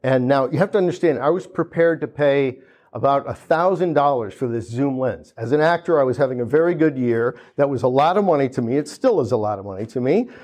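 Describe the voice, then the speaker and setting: A man's voice: medium pitch, animated, brisk, darkish tone. A man in his fifties from the United States telling a funny story at a gallery opening, acting out the people he quotes, with many restarts. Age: 50s. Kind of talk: storytelling talk.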